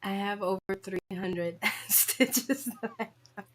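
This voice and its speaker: Slow-talking dismayed woman. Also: medium pitch. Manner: dismayed, laughing through frustration. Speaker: crafting vlogger. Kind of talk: casual chat to viewers.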